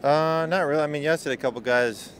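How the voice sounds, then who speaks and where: A man, a veteran pro cyclist, answering outdoors in a low-key, matter-of-fact way. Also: fast talker. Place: outdoors at a bike race.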